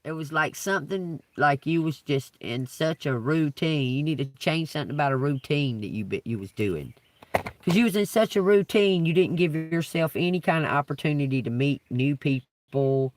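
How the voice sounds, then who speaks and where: A man's voice: on the high side, lively intonation, normal speed, distant mic. A man doing a live-stream tarot reading, talking casually, swearing freely and laughing often. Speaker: tarot reader.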